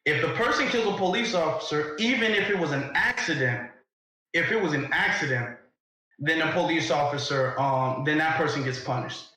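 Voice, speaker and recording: A man's voice: a little high, normal speed, bright, forceful tone. Insistent man debating in an echoey room. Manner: insistent, pressing questions. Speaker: live stream host. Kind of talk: heated debate.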